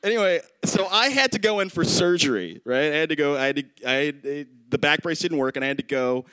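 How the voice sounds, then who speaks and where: A storytelling comedian in his thirties tells a funny personal story on stage during a live set, his fairly high voice brisk and animated. He acts out the quotes and laughs mid-line, and the rough recording has a little hiss or hum.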